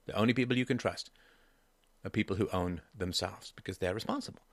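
A man's voice: deep voice, fairly quick, no echo. A man hosting a call-in advice show, talking emphatically and repeating key phrases for stress.

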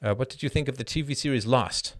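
A middle-aged man hosting a live show, answering chat questions in an animated monologue that keeps tossing in a rhetorical "right?". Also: medium pitch, fast. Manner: animated, frequent rhetorical "right?", laughs mid-sentence. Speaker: host.

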